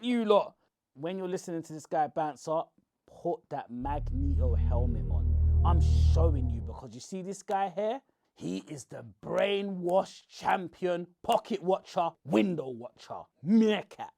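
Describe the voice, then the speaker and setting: A man, shouting and confronting someone in a heated rant to camera. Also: high voice, very animated, slow, creaky. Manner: shouting, confrontational, repeats "bro". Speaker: online commentator.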